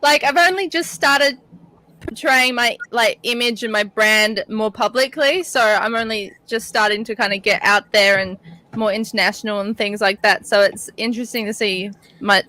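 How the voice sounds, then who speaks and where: An Australian woman chatting casually in a group video chat, unhurried and a little giggly. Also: on the high side, bright, forceful tone, rough recording.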